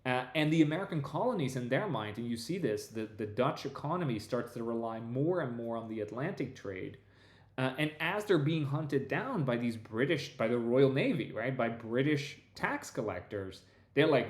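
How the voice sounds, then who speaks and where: A male history professor talks through a long explanation. He speaks at a middle pitch, restarts his sentences often and tags points with quick asides. His voice carries a noticeable room echo. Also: expressive. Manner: discursive, many restarts and "right?" tags. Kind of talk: conversational lecture-style explanation.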